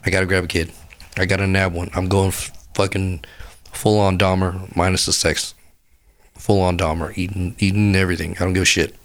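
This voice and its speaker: A man's voice: sits low, little pitch movement, fast talker, fairly bright tone. A sick man with a sore throat, rambling crudely and profanely as a podcast host. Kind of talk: rambling casual monologue.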